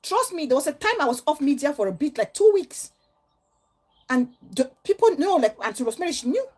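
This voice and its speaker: A woman's voice: sits high, very animated, a little fast, darkish tone. A middle-aged woman vlogger giving an earnest, emotional and preachy monologue to her viewers. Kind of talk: heartfelt vlog monologue.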